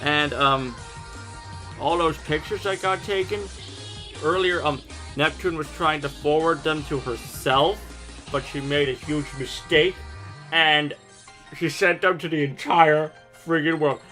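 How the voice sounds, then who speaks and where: A man with a bright, forceful, slightly high voice recaps a cartoon episode in a loose, jokey way, swearing as he goes. Faint music plays underneath. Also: steady tone, measured pace. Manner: irreverent, jokey, swears freely. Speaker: anime recap host.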